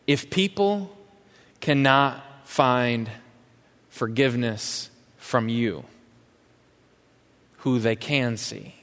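A man preaching a sermon as a pastor, impassioned and questioning, swinging from loud to hushed. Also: mid-range voice. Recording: long hall reverb.

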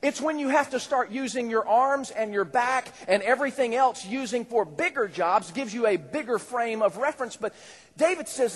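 A male pastor preaching a sermon in a conversational, animated way, with rising exclamations. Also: extremely high pitch, normal speed. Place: church hall. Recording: echoey church hall.

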